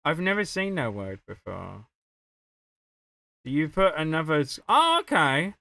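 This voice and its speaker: A man's voice: on the high side, sing-song, measured pace, creaky, pushed and bright, dry recording. A young man chatting casually on a game livestream, chatty and giggly. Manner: chatty and giggly, often laughing mid-sentence. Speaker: streamer.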